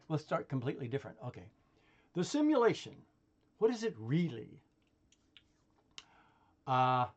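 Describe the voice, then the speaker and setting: Man, casual vlogger, rambling, swears a lot, laughs often, mid-pitched voice, dull lo-fi audio. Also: darkish tone. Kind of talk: casual unscripted monologue.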